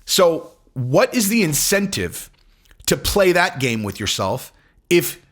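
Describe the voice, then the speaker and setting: A man talking casually as an MMA commentator, blunt and a little profane, rambling between points in a relaxed vlog way. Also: fairly high pitch, slow pace. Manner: animated, rambling, acts out quotes in other voices.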